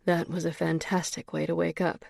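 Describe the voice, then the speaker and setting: A woman narrator voicing a confident, seductive adult man who speaks in a low, hushed murmur. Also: little pitch movement, moderate pace, creaky, dry recording, clean studio sound, exaggerated voice. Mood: cheerful.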